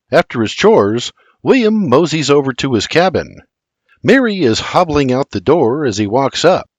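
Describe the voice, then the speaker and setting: Older male audiobook narrator, expressive, lively delivery, dry close mic. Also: mid-range voice, a little slow, dry recording. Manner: expressive storytelling.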